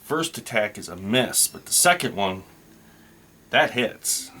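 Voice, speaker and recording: A low-voiced man plays a tabletop game on his own, narrating each dice roll very slowly. He thinks aloud as he goes, pausing over each choice. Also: very animated, pushed and bright, slight background noise. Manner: slow, thinking aloud while rolling dice. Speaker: solo tabletop game player.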